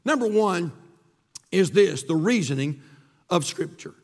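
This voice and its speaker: A man preaching a sermon with fervent energy, his voice sitting strikingly high for a man. He rattles off scripture and throws rhetorical questions at the congregation. The sound carries a long reverb from a large church sanctuary. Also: expressive, measured pace. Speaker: pastor.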